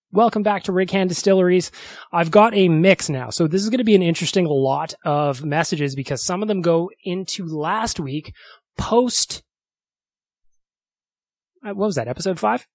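A man's voice: high-pitched, dry recording. A man hosting a solo podcast, chatty and upbeat, laughing often. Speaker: podcast host. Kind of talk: casual solo podcast talk.

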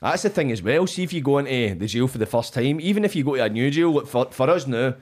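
A man's voice: mid-range voice, expressive, fast talker, a little mellow. A Scottish man telling stories as a podcast guest in casual chat, animatedly acting out his own past lines and swearing freely.

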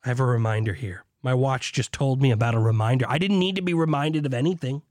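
A man hosting a beer podcast alone, drinking as he talks, hyped and swearing, swinging between shouted zeal and low asides. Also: quick pace, no echo, clean studio sound. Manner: swears, mock preacher zeal. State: drinking beer while talking. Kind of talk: excited solo podcast monologue.

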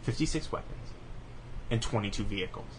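A young man co-hosting a gaming podcast, rattling off specs in a quick, profane, joking casual chat. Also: lowish voice, animated, a little hiss or hum. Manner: rapid, profane, laughing reading of spec lists. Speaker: podcast co-host.

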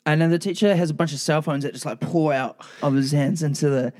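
A man's voice: a little high, fairly even intonation, fast talker, darkish tone. A man with a New Zealand accent co-hosting a casual podcast chat, joking, swearing freely and laughing often. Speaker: podcast co-host. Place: flat, indoors.

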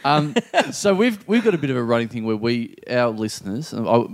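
A man's voice: medium pitch, fairly quick, creaky. A man hosting a comedy podcast, telling a story with lots of stammers and laughter. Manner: stammering, animated, laughs a lot. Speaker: podcast host.

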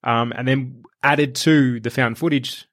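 Man co-hosting a relaxed chat. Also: mid-range voice, measured pace, no room sound, studio quality. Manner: agreeable, lots of backchannel, rambling. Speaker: podcast co-host. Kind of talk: casual chat.

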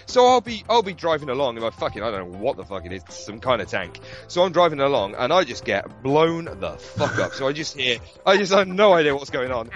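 Talking video games on a podcast, a medium-pitched man speaks a little fast with few pauses, spinning animated stories packed with curses and laughs. Soft music plays behind him.

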